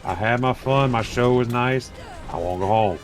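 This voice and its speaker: A man's voice: medium pitch, normal speed, over music. Profane, rambling man in game chat. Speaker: gamer in voice chat. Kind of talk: casual gaming chat.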